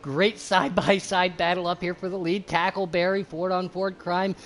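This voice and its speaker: A man calling an online sim race play-by-play, casual and excitable, with loud bursts and some cursing. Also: high voice, normal speed, faint music behind. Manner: casual, curses freely. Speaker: race commentator. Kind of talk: sim racing play-by-play commentary.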